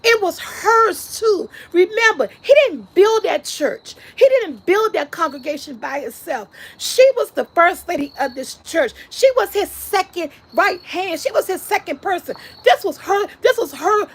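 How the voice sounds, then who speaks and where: High-voiced woman vlogger telling a story. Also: lively intonation, measured pace, few pauses, poor audio. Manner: laughs and shrieks while retelling scenes. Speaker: vlogger reviewing a movie. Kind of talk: animated casual storytelling.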